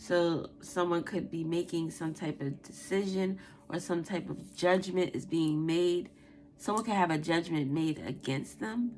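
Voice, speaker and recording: A woman's voice: fairly low pitch, measured pace, a little hiss or hum. A woman doing a tarot reading, who first tells a casual story with lots of swearing and laughter. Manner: animated, profane, laughs while telling a story. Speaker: tarot reader.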